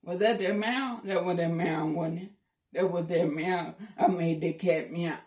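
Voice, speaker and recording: A man's voice: sits high, measured pace, darkish tone, distant mic. A man joking around in a casual vlog, playful and teasing, repeating his lines. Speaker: vlogger. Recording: echoey room.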